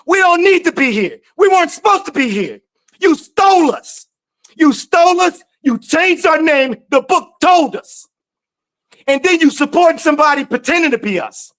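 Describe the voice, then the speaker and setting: A woman's voice: high voice, expressive, moderate pace, fairly bright tone. A woman hosting a live podcast, speaking in an impassioned, emphatic way and repeating her phrases for force. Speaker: podcast host. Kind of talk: live-stream commentary.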